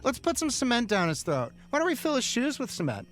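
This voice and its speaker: A man voicing an impatient, bossy mother who scolds with sharp sarcasm. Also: very high voice, huge pitch swings, fairly quick, pitched above the performer's own voice, exaggerated voice. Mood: scolding.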